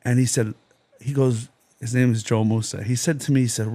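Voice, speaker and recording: A man's voice: mid-range voice, steady tone, a little fast, dark tone. A man from New Jersey, a podcast guest, telling his life story in an intense, rambling way, full of "you know" and "like". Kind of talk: personal testimony in a podcast interview.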